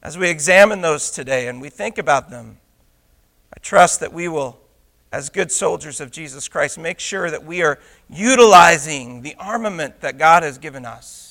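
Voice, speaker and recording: High-voiced, bright man preaching a sermon. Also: lively intonation, normal speed. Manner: swings from loud emphatic preaching to hushed intimate asides; rhetorical questions to the congregation. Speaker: pastor.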